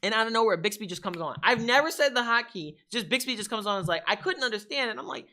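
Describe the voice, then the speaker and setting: A young man hosting a casual tech podcast, animated and laughing, acting out voices of gadgets. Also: high-pitched, fast talker. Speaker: podcast host.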